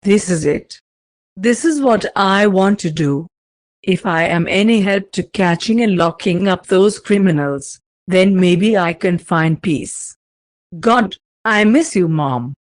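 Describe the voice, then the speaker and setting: A woman's voice: fairly low pitch, expressive, slow pace, no echo, clean studio sound. A woman reading as a scared young man. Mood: tearful resolve. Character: frightened young man, grieving and anxious.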